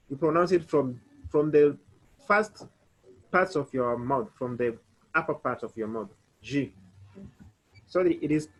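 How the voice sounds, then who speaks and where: Slow, husky male language teacher. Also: a little high, rough recording. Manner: spells words letter by letter and repeats phrases. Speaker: French teacher. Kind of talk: online language lesson.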